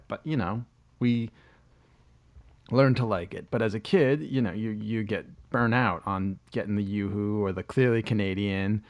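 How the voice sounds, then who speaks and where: Mid-man in his forties, lowish voice, loose profane podcast storyteller. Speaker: podcast co-host. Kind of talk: casual chat.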